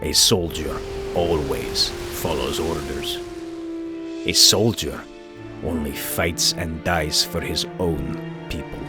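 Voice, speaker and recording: A man voicing a solemn Soviet Superman in a put-on Russian accent, reading comic narration gravely. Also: extremely low pitch, over loud music, pitched below the performer's own voice. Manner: grave, measured storytelling.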